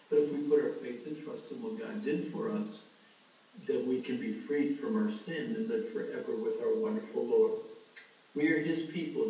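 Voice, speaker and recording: A man's voice: medium pitch, dark tone. A middle-aged man preaching a sermon, telling a personal story earnestly and calling his listeners folks. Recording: echoey hall, voice from far off.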